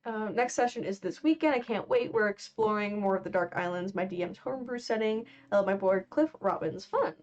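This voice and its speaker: Drawing live on stream, a young woman rambles in a relaxed chat, leaning heavily on "like" and "um." She talks a little fast with few pauses, in a mid-range, slightly mellow voice, captured through a dull, lo-fi microphone.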